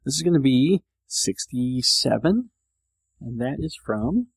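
A man's voice: medium pitch, expressive, a little slow, vocal fry, breathy edge, dry recording. A man hosting a podcast, rambling casually and teasing himself, with many restarts. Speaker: podcast host. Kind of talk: casual monologue.

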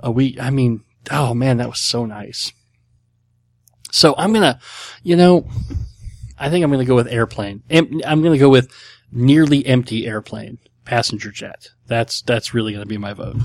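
A man's voice: mid-range voice, normal speed, no echo. Man, middle-aged, podcast host, casual chat, blunt, hesitant fillers, dry close sound. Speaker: podcast host answering listener questions.

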